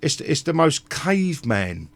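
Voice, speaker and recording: A man's voice: a little high, very animated, unhurried, creaky. Blunt sweary man ranting. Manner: blunt, sweary, rambling with restarts. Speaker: live stream host. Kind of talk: ranting casual chat.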